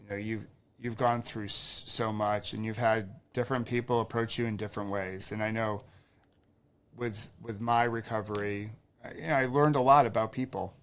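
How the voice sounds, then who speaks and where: Soft-spoken empathetic male podcast host. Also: on the low side, fairly even intonation, normal speed. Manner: empathetic, thoughtful questions with restarts. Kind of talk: interviewing, conversational.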